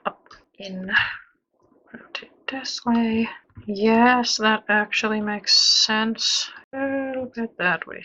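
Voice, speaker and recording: A woman's voice: a little high, bright, forceful tone, highs cut off, a little hiss or hum. A woman chatting casually as she plays a zoo-building game, talking to the animals, making playful sound effects and muttering half-whispered asides. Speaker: gameplay streamer building a zoo. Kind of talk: casual commentary while playing.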